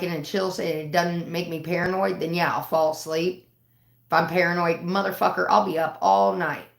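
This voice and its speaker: A woman's voice: lowish voice, roomy sound. A woman chatting casually on a livestream from home, rambling and swearing freely. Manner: profane, rambling storytelling. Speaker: live streamer.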